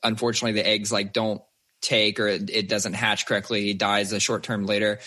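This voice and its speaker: A man, a father and podcast co-host, chatting casually and telling animated stories with plenty of swearing. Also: lowish voice, fairly quick. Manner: swears freely, animated storyteller. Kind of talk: casual chat.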